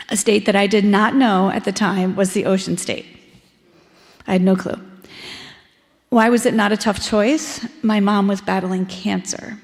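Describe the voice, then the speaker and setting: A woman's voice: mid-range voice, a little mellow. A woman in her forties from Ohio giving a personal testimony in a church service, conversational and reflective with frequent ums. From Ohio, USA. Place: church sanctuary. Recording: echoey church hall with long reverb.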